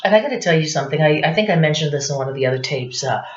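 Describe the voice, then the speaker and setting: A woman's voice: low-pitched, expressive, very fast. Rambling woman in her fifties, echoey room. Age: 50s. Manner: rambling, chatty, full of "you know what I'm saying". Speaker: stand-up comedian. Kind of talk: confessional comic monologue. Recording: roomy, dull lo-fi recording.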